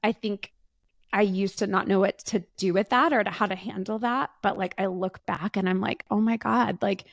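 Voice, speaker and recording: A woman's voice: mid-range voice, steady tone, creaky. A woman in her forties, a podcast co-host, speaking in casual chat about her son, heartfelt and emotional. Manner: heartfelt, emotional, slow and searching. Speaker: podcast co-host, guest's mother.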